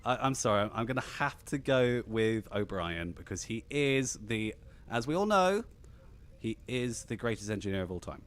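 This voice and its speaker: A man's voice: on the low side, normal speed. A man with a slightly posh English accent hosting a casual live stream, rambling and restarting his sentences. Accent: slightly posh southern English. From England. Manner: animated and rambling, many restarts. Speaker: podcast host.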